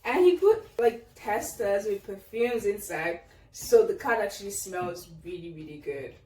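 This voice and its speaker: A woman's voice: medium pitch, expressive, unhurried, mellow. A young woman vlogger unboxing birthday gifts in casual chat, gushing and exclaiming often. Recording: roomy echo, distant mic, faint noise.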